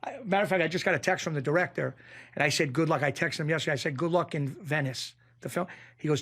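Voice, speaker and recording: Excitable man telling a story. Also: quick pace. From Springfield, Massachusetts. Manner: excitable, acts out quotes, jumps pitch when excited. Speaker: guest. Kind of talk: animated storytelling in a podcast interview.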